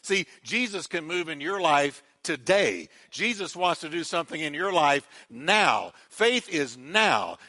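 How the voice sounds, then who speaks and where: Bright, high-voiced preaching man. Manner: emphatic, repetitive preaching with call-and-response. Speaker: pastor. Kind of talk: sermon.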